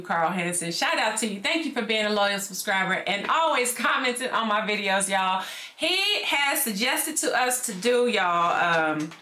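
A woman's voice: fairly high pitch, sharp tone, reverberant. A young woman hosting a reaction vlog, chatty and constantly checking in with her viewers. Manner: chatty, repeats "okay?" and "y'all" often. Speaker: reaction video host. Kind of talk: casual reaction vlog chat.

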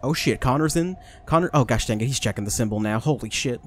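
A man's voice: medium pitch, fast, a little hiss or hum. A young man doing let's play commentary, joking and talking to the characters on screen. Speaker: gaming YouTuber.

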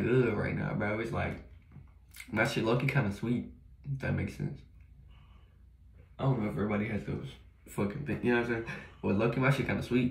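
Young male vlogger, gravelly, slangy and profane, rambling home monologue, echoey room. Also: fairly low pitch. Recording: roomy echo.

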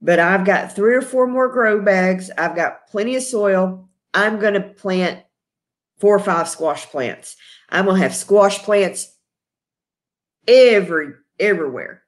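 A woman's voice: medium pitch, measured pace. Chatty Texan woman host. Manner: chatty, laughing often, greets viewers by name. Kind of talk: casual live-stream chat.

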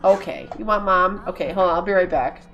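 A woman's voice: fairly low pitch, a little fast, dull audio, soft background music. A young woman casually commenting on her life-sim game at home, chatty and giggly, breaking off to talk to her pets. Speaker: gaming video creator. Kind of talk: casual let's-play commentary.

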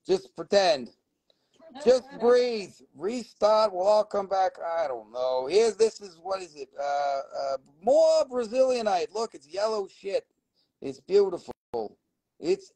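A man's voice: sits high, very animated, measured pace, vocal fry, mellow, low-quality recording. A middle-aged man hosting a casual live sales stream for minerals, rambling and swearing as he goes. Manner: rambling and profane, swearing often.

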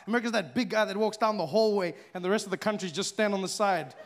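A man with a high-pitched voice works through a stand-up routine. He tells stories in an animated way and slips into other characters' voices to act out the dialogue. Faint background noise sits under the live stage mic. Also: quick pace, few pauses, big-room sound, a crowd in the background. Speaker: stand-up comedian.

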